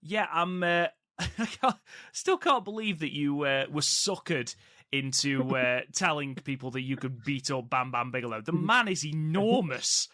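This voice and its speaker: Bright-voiced male podcast co-host. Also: a little high, lively intonation, measured pace, no echo, clean studio sound. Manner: amused, chatty, with fillers and laughs. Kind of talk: casual podcast chat.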